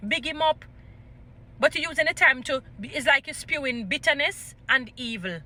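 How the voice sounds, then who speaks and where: A Jamaican woman vlogger delivers impassioned opinion commentary in a high, pushed, bright voice at normal speed. She slips into patois within her English and frequently restarts her sentences.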